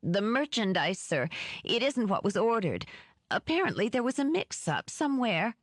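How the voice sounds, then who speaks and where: A woman's voice: mid-range voice, expressive, unhurried, no echo, studio quality, close to an everyday voice. A woman voicing a small, timid male assistant who speaks nervously and deferentially.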